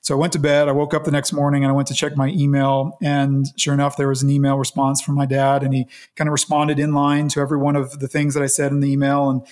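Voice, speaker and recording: A man being interviewed, recounting a personal story in an earnest, reflective way with halting restarts. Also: medium pitch, monotone, darkish tone. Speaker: interview guest.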